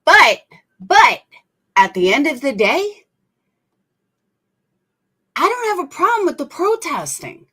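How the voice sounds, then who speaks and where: A woman's voice: high voice, sing-song, a little slow, pauses often. Blunt, indignant woman commentator. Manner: blunt, indignant, swears freely. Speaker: commentary channel host. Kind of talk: opinionated commentary.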